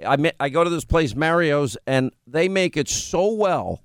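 A man with a faint New York accent hosts a radio talk show, bantering quickly with his crew. His voice is smooth and clear, a touch high for a man, and sits close and dry on the studio mic. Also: animated, dry recording. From Long Island, United States. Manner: chatty, bantering, quick asides. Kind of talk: casual radio chat.

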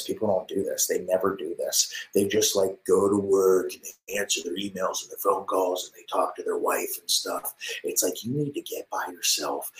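A man with a deep, low voice streams from his home office on a desk mic. He boasts and swears in a loose, rambling way, punching some lines out loudly and muttering others almost in a whisper. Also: low-quality recording. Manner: brash and boastful, swearing, swings between loud ranting and hushed whispering. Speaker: live streamer. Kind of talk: rambling hyped-up monologue.

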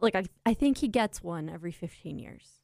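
A woman co-hosting a podcast, chatting casually and wryly about films in an animated way. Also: fairly low pitch, a little fast, creaky, no echo, studio quality. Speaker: podcast co-host. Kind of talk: casual film review chat.

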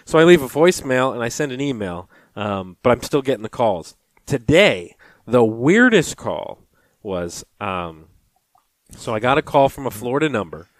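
Man, podcast co-host, casual chat, lively storytelling, dry close sound. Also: mid-range voice, normal speed, no room sound. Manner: animated storyteller acting out phone calls.

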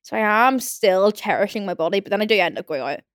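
A woman's voice: mid-range voice, expressive, fast, no room sound, studio quality. A young woman hosting a casual solo podcast, rambling and chatty with lots of "like". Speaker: podcast host. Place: home.

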